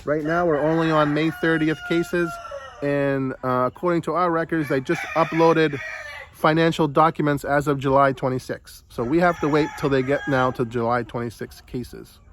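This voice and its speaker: A man's voice: fairly high pitch, fairly even intonation, normal speed, a bit bright, a little hiss or hum. A man from the United States venting in a casual vlog, frustrated, swearing and repeating himself. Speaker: vlogger. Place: home in the Philippines.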